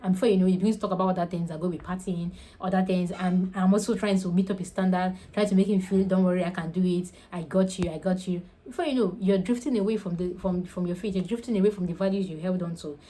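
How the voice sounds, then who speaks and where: A woman's voice: fairly low pitch, steady tone, fast, few pauses, mellow, low-quality recording. A young Nigerian woman giving casual, earnest advice in a vlog, repeating her points for emphasis. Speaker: faith and lifestyle vlogger.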